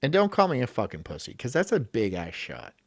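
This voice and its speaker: A man's voice: mid-range voice, huge pitch swings, a little fast, creaky, faint music behind. A man hosting a live stream, rambling crudely, swearing and reading chat aloud while drinking shots.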